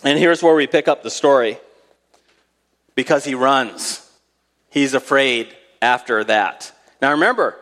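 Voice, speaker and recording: A man's voice: medium pitch, measured pace, pauses often, a bit bright, in a large hall. A man preaching a sermon, reading scripture aloud and retelling Bible stories in a conversational way with dramatic emphasis.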